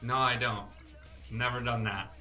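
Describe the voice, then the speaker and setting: A stream co-host bantering in a dry, deadpan way, delivering mock-serious statements. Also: mid-range voice, a little slow, roomy sound, music in the background. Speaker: co-host of a music stream show.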